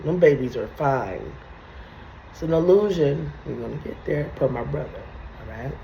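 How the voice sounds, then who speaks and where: A woman's voice: low voice, expressive, normal speed, gravelly, mellow, highs cut off, slight background noise. A woman hosting a video, riffing on scripture in crude comedic commentary and laughing often through her words. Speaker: video host. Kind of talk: profane comedic Bible commentary. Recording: roomy echo.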